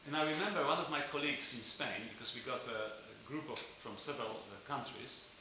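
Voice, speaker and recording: A man lectures students in a keen, bright voice and stops often to search for words. He slips dry jokes into his points. The sound rings around a very roomy, reverberant space. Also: medium pitch, brisk, a little hiss or hum. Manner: hesitant with many fillers, dry joking asides.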